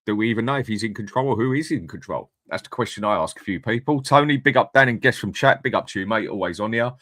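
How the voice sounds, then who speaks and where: A man hosting a live fan stream chats bluntly and reads out viewer comments in a casual way. His voice is on the low side but fairly bright, expressive and fast, captured in studio quality with no room sound.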